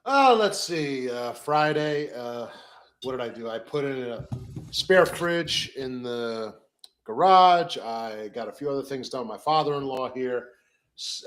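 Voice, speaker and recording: A young man in a casual podcast chat, speaking at a middle pitch. He rambles along easily, pausing with fillers as he recalls things. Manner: easygoing, rambling recaps with fillers. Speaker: podcast co-host.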